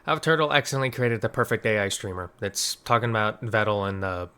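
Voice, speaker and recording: A man's voice: fairly low pitch, fast talker, pushed and bright, clean tone. A man hosting a reaction video, rambling casually and laughing often, a little stuffy from allergies.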